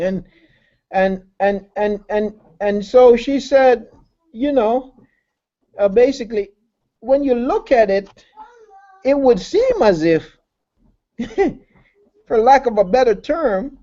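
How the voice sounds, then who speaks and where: A man's voice: very high-pitched, animated, takes it slowly, pauses often, dark tone, muffled recording. A man preaching a sermon who repeats key phrases, asks his listeners rhetorical questions and calls them family.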